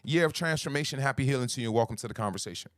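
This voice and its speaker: A man hosting a livestream as a life coach, greeting viewers by name and talking slowly and emphatically, repeating his key phrases. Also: mid-range voice, a bit bright, no echo, studio quality. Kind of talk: motivational livestream talk.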